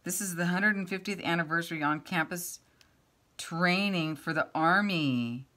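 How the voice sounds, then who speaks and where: A woman's voice: lowish voice, normal speed. A woman in her fifties chatting casually to camera as she opens fan mail, gushing and exclaiming over each item and reading them aloud as she goes. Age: 50s. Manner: reads items aloud, thinking out loud. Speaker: craft vlogger opening fan mail.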